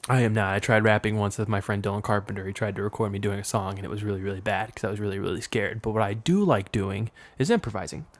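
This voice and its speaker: A young man with a fairly low voice hosts a solo podcast. He rambles frankly and swears freely, and at times slips into improvised poetry. The sound is dry and close. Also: quick pace, hardly any pauses, dry recording. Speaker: podcast host. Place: room with a window open.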